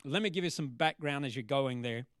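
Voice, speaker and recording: A man's voice: medium pitch, brisk, no room sound, studio quality. A man preaching a sermon in a playful, teasing way, reciting song lyrics before turning serious. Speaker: pastor.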